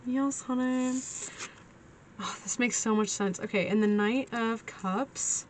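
A woman's voice: medium pitch, fairly even intonation, a little slow, a little hiss or hum. A woman giving a casual tarot reading, chatty and giggly, calling her listeners honey. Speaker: tarot reader.

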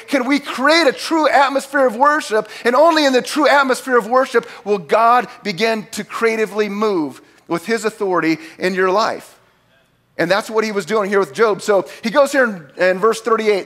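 Male pastor, very high-pitched, animated sermon delivery with conversational asides. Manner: animated, acts out God's lines with big swings in pitch and volume.

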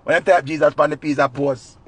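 Jamaican man, patois storytelling, animated, swings loud and soft, slightly high. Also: fast, slightly rough, dry recording. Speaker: comic storyteller. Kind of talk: animated comic retelling.

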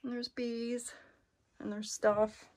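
A woman's voice: fairly high pitch, flat delivery, takes it slowly, darkish tone. A woman vlogging as she explores an abandoned cabin attic, nervous and exclaiming, talking to her viewers and to the animals she finds. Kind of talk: hushed exploring vlog.

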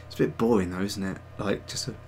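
A man's voice: on the low side, fairly even intonation, fast. A man hosting a casual livestream, chatting to viewers in a rambling way with many fillers and restarts. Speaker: livestream host and digital sculptor.

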